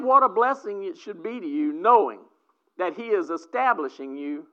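A preacher delivering a sermon, swinging between loud exclamations and quiet asides. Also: mid-range voice, lively intonation, moderate pace. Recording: dull lo-fi recording.

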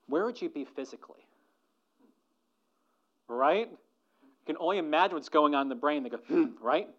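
Earnest male preacher, slightly high voice. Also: lively intonation, normal speed, fairly bright tone, highs cut off. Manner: earnest preaching with rhetorical questions. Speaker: pastor. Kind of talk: sermon.

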